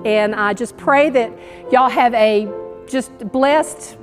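A woman's voice: fairly high pitch, slow pace, long reverb tail, soft background music. A woman giving an earnest, encouraging sermon in church. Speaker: church speaker. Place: church sanctuary.

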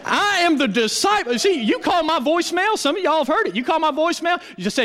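High-voiced preacher in an echoing hall. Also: male voice, quick pace, hardly any pauses. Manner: call-and-response preaching, animated and emphatic. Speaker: pastor. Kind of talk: sermon. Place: church.

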